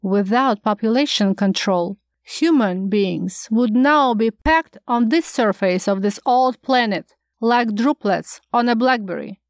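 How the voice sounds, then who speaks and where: A preachy, self-assured male doctor, as a woman reading a story puts him on. He lectures with earnest conviction in a fairly high, lightly raised voice. The sound is close and dry. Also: a little slow, few pauses, no echo. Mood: lecturing. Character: stern, smooth-talking male doctor, genial, preachy. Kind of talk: audiobook character reading.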